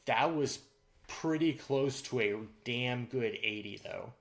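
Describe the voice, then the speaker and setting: A man's voice: mid-range voice, slow pace, creaky. Filler-heavy male sports podcast host. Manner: filler-heavy, restarts often. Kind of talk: casual sports chat.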